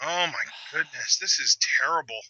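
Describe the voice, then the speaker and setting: A young man with a high, very bright voice that swings widely in pitch hosts a live reaction chat. He exclaims, groans and argues back at his co-host. The sound is dry, through a slightly dull lo-fi mic. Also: lively intonation, moderate pace, dry recording. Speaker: channel host.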